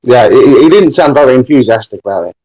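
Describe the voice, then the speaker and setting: A man chatting casually on a podcast, talking haltingly and repeating words as he goes. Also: mid-range voice, expressive, darkish tone, husky, rough recording.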